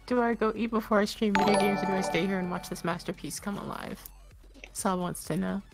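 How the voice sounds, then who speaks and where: A woman's voice: medium pitch, level tone, fairly quick, vocal fry. A woman reading viewer questions out on a stream, hesitant and giggly. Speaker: stream moderator reading chat. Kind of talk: casual chat. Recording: dry sound with faint music.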